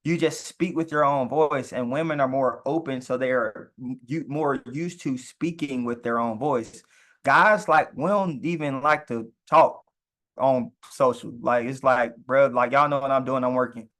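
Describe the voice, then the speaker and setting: A man talking casually about marriage and business, animated, stumbling on words and laughing often as he talks. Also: medium pitch, measured pace. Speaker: co-host.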